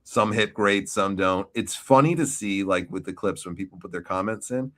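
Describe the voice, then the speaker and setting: Man, New York accent, low voice, profane, chatty host. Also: moderate pace, a bit bright. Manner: profane, storytelling. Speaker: podcast host. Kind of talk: casual wrestling chat.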